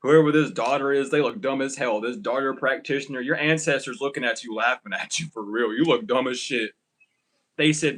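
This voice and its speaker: A man's voice: mid-range voice, fairly quick, a bit bright, low-quality recording. A man giving a casual spiritual reading to camera, rambling and profane, often breaking into laughter. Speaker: tarot reader.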